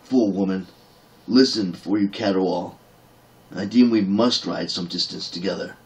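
A man doing a growling gruff dwarf. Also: sits low, normal speed, distant mic, poor audio. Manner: growling, archaic speech. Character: gruff grudging male dwarf warrior.

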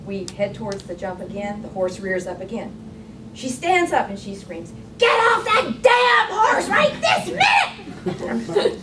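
A woman on a writers' panel telling a lively personal anecdote, laughing as she goes. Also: medium pitch. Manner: storytelling, lively, laughing, with restarts. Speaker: panelist, author and writing professor. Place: lecture hall at a public panel. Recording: distant, noisy hall recording.

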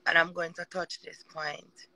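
A woman's voice: on the low side, flat delivery, measured pace, sharp tone, no room sound. A Jamaican woman talking casually on a live chat, emphatic and rambling.

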